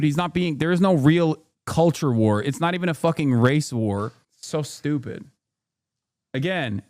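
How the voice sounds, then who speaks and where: A man streaming casual reaction commentary, ranting in an animated, profane, rambling way into a close mic. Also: a little high, no room sound. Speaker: streamer host.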